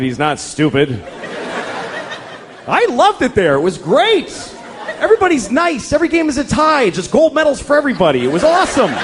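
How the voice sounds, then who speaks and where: Profane comedian in a lively live set. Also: male voice, medium pitch. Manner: profane, exasperated, acts out characters in quick asides. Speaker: stand-up comedian. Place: comedy club stage. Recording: live club set with audience laughter and noise. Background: audience laughter and room noise.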